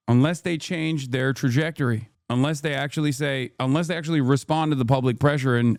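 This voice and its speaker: A man's voice: medium pitch, darkish tone, no echo, clean studio sound. A man, giving heated, profane live reaction commentary from a streaming setup. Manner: heated, profane, indignant ranting. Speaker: livestream commentator.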